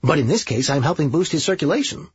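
A man voicing Serge, a manic, brash male schemer in an audiobook, speaking in a quick, excitable, breezy way. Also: fairly high pitch, breathy edge, no room sound, highs cut off, voice pushed up, full character voice.

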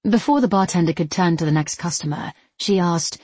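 Husky-voiced woman narrating a novel. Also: lowish voice, a little fast, darkish tone, no room sound. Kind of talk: audiobook narration.

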